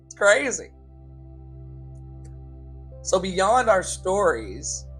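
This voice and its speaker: A man coaching his listeners in a live motivational talk, repeating key lines slowly for emphasis and calling them beloved. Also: high-pitched, sing-song, fairly bright tone, breathy edge, soft background music, rough recording. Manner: emphatic, slow repetitions for effect. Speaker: life coach and show host.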